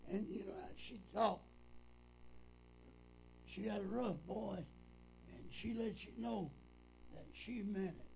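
Older man, preacher, gravelly, unhurried folksy storyteller; muffled lo-fi recording. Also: high voice, warm tone, a little hiss or hum. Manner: folksy, repetitive, retells dialogue with "said". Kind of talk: reminiscing storytelling. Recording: dull lo-fi recording.

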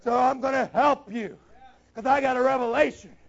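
A man preaching a sermon with passion, breaking into shouts and slowing down to stress his key lines. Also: extremely high pitch. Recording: dull lo-fi recording.

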